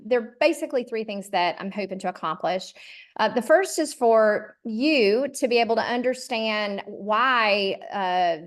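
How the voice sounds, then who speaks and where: Middle-aged Southern woman from Georgia. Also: medium pitch. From Georgia, USA. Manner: friendly, many ums and uhs, says y'all. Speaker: charter school consultant leading a workshop. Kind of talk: virtual workshop presentation.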